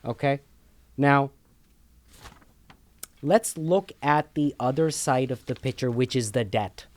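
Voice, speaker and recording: A man's voice: medium pitch, takes it slowly, a little mellow. A man co-hosting a casual talk show, explaining finances emphatically, repeating words and checking in with "okay?" a lot.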